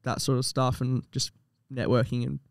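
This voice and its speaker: A man's voice: medium pitch, little pitch movement, moderate pace, creaky, no room sound, clean studio sound. A young Australian man talking as a guest on a podcast in a booth, easygoing and modest, with footy facts ready at hand. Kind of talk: casual podcast chat.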